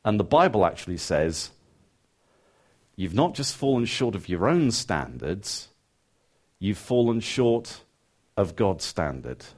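A man preaching a sermon, moving from emphatic rising questions to quiet, earnest asides and acting out his listeners' thoughts. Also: lowish voice, very animated, slow, long pauses. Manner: conversational, acts out listeners' thoughts.

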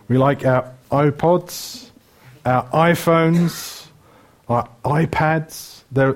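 Here the Welsh preacher, middle-aged, sounds medium in pitch and a little mellow. His sermon is conversational and joking, and his lists come loaded with fillers like "um."

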